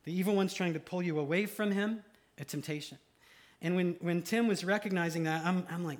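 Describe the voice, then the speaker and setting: Pastor, slightly high voice. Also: male voice, brisk. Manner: emphatic repetition of key lines. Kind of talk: conversational sermon. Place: church service.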